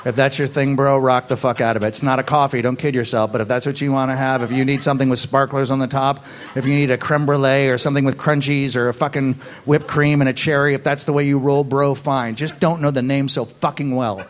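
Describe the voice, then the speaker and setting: A male stand-up comedian doing a profane, ranting set that builds to shouts. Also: mid-range voice, flat delivery, quick pace.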